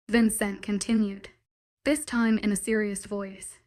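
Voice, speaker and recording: Woman, audiobook narrator, first-person story, sardonic, mid-pitched voice. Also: level tone, slow, darkish tone.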